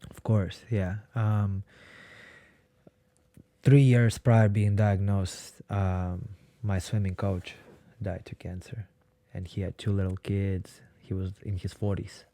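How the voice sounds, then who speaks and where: A man's voice: fairly low pitch, little pitch movement, slow pace, mellow, no echo. A man from Ukraine, a podcast guest, telling his story in a blunt, casual way and swearing freely. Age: 20s.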